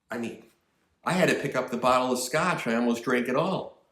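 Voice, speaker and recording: A man's voice: medium pitch, fairly quick, fairly bright tone, roomy sound. A man giving an indignant, emphatic political rant, repeating phrases for stress and slipping in mocking asides. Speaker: political commentary vlogger. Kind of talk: ranting commentary.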